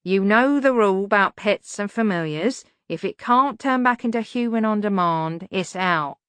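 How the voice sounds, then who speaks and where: A woman voicing a gruff, surly male bar doorman who grumbles slowly in working-class speech. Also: medium pitch, expressive, fairly bright tone, no echo, natural voice. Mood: grumbling.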